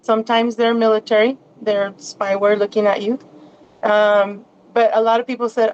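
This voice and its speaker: A woman with a fairly high voice chats casually as an interview guest. She rambles along, restarting her sentences and drifting into asides. The audio is dull and lo-fi. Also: moderate pace.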